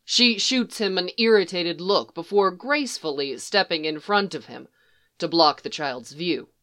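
Slow, low-voiced woman reading a story. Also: animated, fairly bright tone. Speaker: reader. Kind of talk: reading fan fiction aloud.

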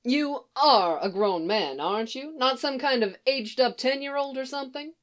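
A blunt older farm mother, brisk and dry, scolding with no patience for nonsense, as a woman reader voices her. The voice stays close to an everyday storytelling tone. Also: high-pitched, pitched above the performer's own voice, natural voice.

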